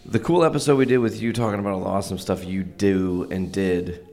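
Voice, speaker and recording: A man hosting a podcast, chatting casually and upbeat, with quick joking asides. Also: low-pitched, dark tone. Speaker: podcast host.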